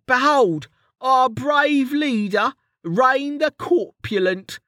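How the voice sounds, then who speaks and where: A man voicing a cheeky, joking male adventurer who teases in slangy, high-pitched talk. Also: slow, sharp tone, no echo, clean studio sound, heavily acted. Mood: mocking.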